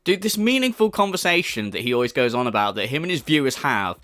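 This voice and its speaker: A man in full rant, swearing constantly and dripping with scorn. His pitch swings widely up and down as he mocks his target. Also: very animated, quick pace, bright, forceful tone. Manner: scornful, swears heavily, mocking. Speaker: commentary YouTuber. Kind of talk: profane rant commentary.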